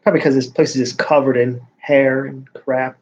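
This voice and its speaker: A man talking casually to his livestream viewers in a middle-pitched voice, wandering from thought to thought. He keeps restarting his sentences and letting them trail off. The recording sounds dull and lo-fi. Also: fairly even intonation, moderate pace, a little mellow, slightly rough. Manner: rambling, with frequent restarts and trailing off. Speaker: vlogger host.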